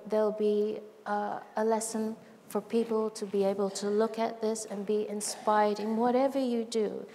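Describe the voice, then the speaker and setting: Heartfelt woman speaking in a reverberant hall. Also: medium pitch. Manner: heartfelt, animated storytelling with quoted dialogue. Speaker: speaker at a live event. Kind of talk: heartfelt public talk. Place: large event stage. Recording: long hall reverb, faint noise.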